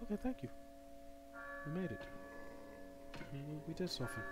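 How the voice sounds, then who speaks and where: A man doing live gameplay commentary as a streamer, excitable and swearing as he yells at the game. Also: fairly high pitch, moderate pace, loud music behind the voice. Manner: excitable, cursing and yelling at the game. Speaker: gaming streamer.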